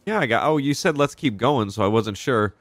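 A young man casually commenting as he plays a video game, excitable and profane, reacting out loud to the action. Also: mid-range voice, a little fast, a little hiss or hum. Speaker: gaming channel host. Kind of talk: casual let's-play commentary.

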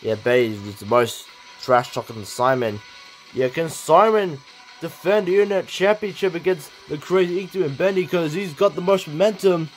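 Excitable high-voiced wrestling commentator, a man. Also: normal speed, faint music behind. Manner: swings from calm to shouting with excitement.

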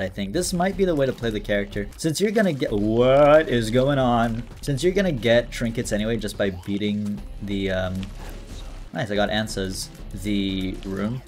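A man giving casual, excitable commentary while playing a video game, thinking aloud and reading item descriptions. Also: fairly low pitch. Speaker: gaming YouTuber. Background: game music.

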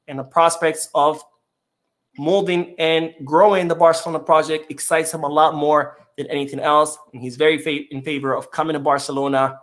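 Guy doing a live stream podcast, kinda higher voice, chatty and loose, lots of ums. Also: a bit bright. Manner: chatty, loose, many fillers and restarts. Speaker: podcast host reading live chat. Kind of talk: casual live-stream commentary.

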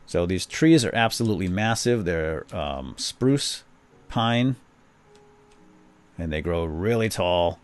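Deep-voiced, lively man showing off a game. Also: takes it slowly, long pauses. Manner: upbeat, playful, says "groovy" a lot. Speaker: gaming video host. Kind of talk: casual game walkthrough commentary.

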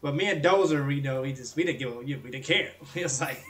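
A man co-hosting a podcast, laid-back and quick to laugh in casual chat. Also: medium pitch, a bit bright. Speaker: podcast co-host. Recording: distant from the mic.

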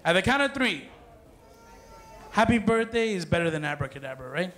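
A man's voice: high voice, expressive, moderate pace, fairly bright tone. A man working as a children's party magician, playfully joking with the kids and calling out to the crowd in a party hall. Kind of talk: live party magic show patter. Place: party hall with dance floor.

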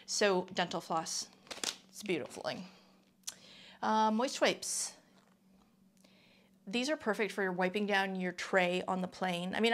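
Woman from Canada, middle-aged, slightly low voice, casual chatty vlogger with lots of ums. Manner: chatty, with many ums and asides. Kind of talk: casual product review.

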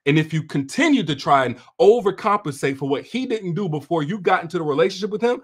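A man's voice: a little high, expressive, fast, breathy edge. A man coaching women on relationships in a livestream talk to his viewers. He is preachy and direct, speaks like a big brother, and repeats phrases for emphasis.

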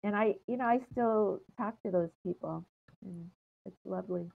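An older American woman telling stories from her travels in an interview, meandering with many ums and trailing off softly. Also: medium pitch, normal speed, gravelly. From United States. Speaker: interview guest. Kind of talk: casual storytelling interview. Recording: tinny phone-like line.

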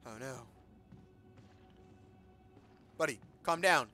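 A man giving casual, joking commentary while playing a video game. He talks back to the characters on screen, breaks into loud outbursts, and mutters the on-screen text in a low voice. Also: brisk, slight background noise. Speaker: let's play gamer.

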